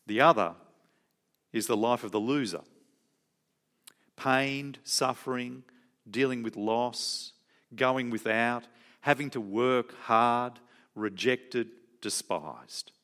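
A man's voice: mid-range voice, takes it slowly, pauses often, fairly bright tone. A man preaching a sermon in church, conversational and often asking the congregation questions.

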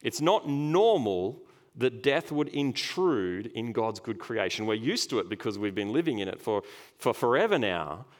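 A man preaching a sermon, earnest and emphatic, slowing down to stress key phrases. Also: medium pitch, sing-song.

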